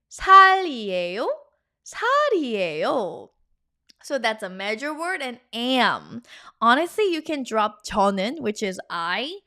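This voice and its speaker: Lively bright-voiced woman teaching a lesson. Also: mid-range voice. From Korea. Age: 30s. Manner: energetic and chatty, drilling phrases for repetition. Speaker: language teacher.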